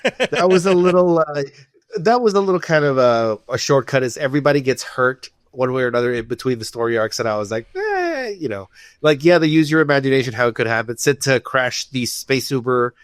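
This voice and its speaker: Male co-host, mid-pitched, dry close mic, relaxed chatty musing. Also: no echo. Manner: relaxed, chatty, with filler pauses. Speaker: podcast co-host. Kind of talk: casual chat.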